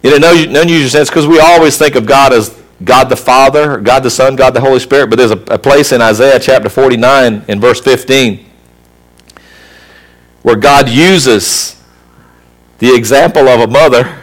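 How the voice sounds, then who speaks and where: A man's voice: medium pitch, moderate pace. Man preaching a sermon. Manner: preaching with rising emphasis, mimics children and mothers. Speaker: pastor.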